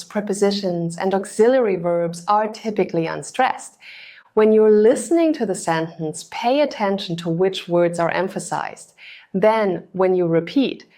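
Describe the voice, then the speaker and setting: Female tutor, lowish voice, scripted narration, steady and instructional. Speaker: TOEFL tutor.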